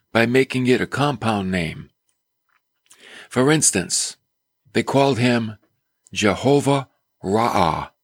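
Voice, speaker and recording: Slow, husky-voiced male preacher. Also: medium pitch, no echo. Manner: emphatic, storytelling with acted quotes. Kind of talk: sermon.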